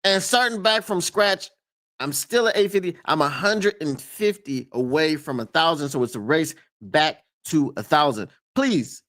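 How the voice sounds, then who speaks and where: A man chatting on a live stream as its host, casual and emphatic, often laughing and repeating a point for effect. His voice sits a little high for a man and swings widely in pitch as he gets worked up. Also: a bit bright.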